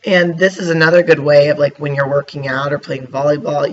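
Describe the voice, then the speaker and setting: A man's voice: a little high, little pitch movement, a little fast, few pauses. A man casually reviewing snacks for his viewers, chatty and hiccuping now and then. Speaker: vlogger. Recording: dull lo-fi sound with faint noise.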